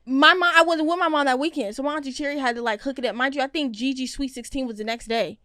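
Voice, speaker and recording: A young woman hosting a podcast, chatting casually and joking, jumping between loud bursts and hushed asides. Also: high voice, fast, no echo, clean studio sound. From Seattle area. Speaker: podcast host. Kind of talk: casual chat.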